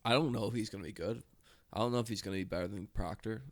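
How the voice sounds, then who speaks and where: A man's voice: lowish voice, rapid-fire, no echo, studio quality. A man co-hosting a podcast in casual chat, easygoing and rambling, often trailing off mid-thought. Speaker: podcast co-host.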